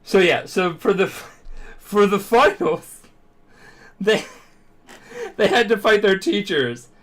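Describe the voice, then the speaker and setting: A man's voice: high voice, big pitch swings, takes it slowly, fairly bright tone. Drunk male podcast host, profane, rambling, does goofy character voices. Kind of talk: drunk comedic recap with voices.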